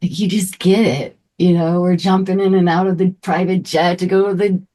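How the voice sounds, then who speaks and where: A middle-aged woman leading a spiritual group talk as a manifestation coach, effusive and emotional, sometimes dropping into soft breathy asides. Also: lowish voice, level tone, moderate pace.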